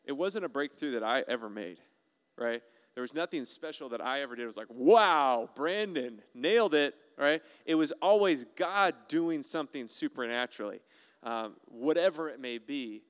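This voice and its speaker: A man preaching a sermon as a pastor, animated and playful, often putting questions to the congregation. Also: mid-range voice, a little fast, clean tone. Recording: resonant voice with long hall reverb.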